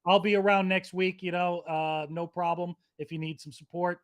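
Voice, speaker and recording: A man with a slightly raised pitch, heard close and dry with no room sound. He co-hosts a fan watchalong, weary and sardonic, joking his way through disappointment. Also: steady tone, moderate pace, dry recording. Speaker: co-host. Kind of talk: live football watchalong chat.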